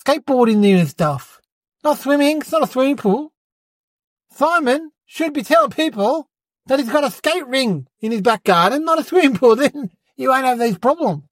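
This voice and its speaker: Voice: high-pitched, expressive, normal speed, no room sound. An adult voicing a cheeky young boy who hosts his own podcast, rambling and fibbing, often calling people "mate". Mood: boastful. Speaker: podcast host. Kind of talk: comedic character monologue.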